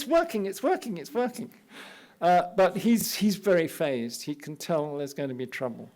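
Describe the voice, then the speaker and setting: An older man with a British accent talks his audience through slides in a public lecture. His voice sits slightly high for a man, and he keeps slipping in wry, self-mocking asides between his points. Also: a little mellow. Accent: British English. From England. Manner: wry, anecdotal, self-deprecating humor. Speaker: architect giving a lecture. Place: lecture hall at an art academy.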